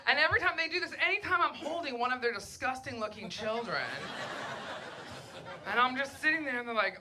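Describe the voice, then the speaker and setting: A woman's voice: a little high, brisk, a little hiss or hum. Brash young woman doing crude stand-up. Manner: crude, brash, deadpan delivery with mocking put-on voices. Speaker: stand-up comedian. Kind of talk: stand-up comedy set. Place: comedy club stage. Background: audience laughter.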